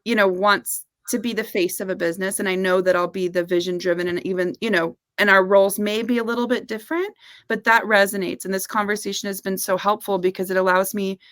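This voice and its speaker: A woman's voice: mid-range voice, steady tone, fast, a bit bright, no room sound. A young woman, an interviewer talking enthusiastically and openly in a casual heart-to-heart, often laughing. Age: young adult.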